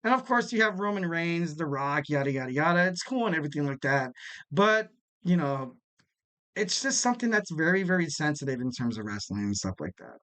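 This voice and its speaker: A man's voice: fairly high pitch, very animated, fairly quick, a bit bright. A man hosting a wrestling podcast in casual chat, rambling with lots of fillers and restarts, and now and then acting out what people said. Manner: acts out quoted people.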